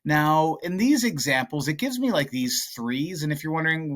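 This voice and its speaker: A man's voice: a little high, animated, moderate pace, a bit bright. A man teaching math in a casual, chatty, playful way, talking through practice problems at a whiteboard.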